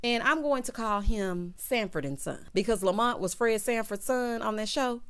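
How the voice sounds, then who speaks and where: A woman hosting a reality show recap, talking in a sassy, animated way with lots of asides to her viewers. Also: mid-range voice, a little fast, hardly any pauses, clean tone. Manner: sassy, animated, quotes cast members in voices. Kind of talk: casual recap commentary.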